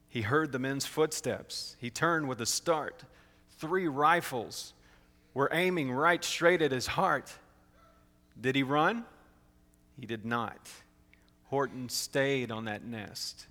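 Man, storybook read-aloud, rhythmic, expressive, gravelly, long hall reverb. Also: medium pitch.

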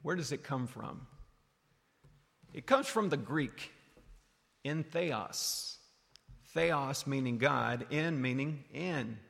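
A man preaching a sermon, animated, swinging from loud calls down to low, quiet lines. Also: slow pace, gravelly, pauses often. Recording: long hall reverb.

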